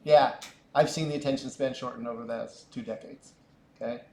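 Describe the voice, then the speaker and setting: A middle-aged man teaching a physics class, animated and chatty, often asking rhetorical questions. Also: mid-range voice, brisk. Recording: echoey classroom.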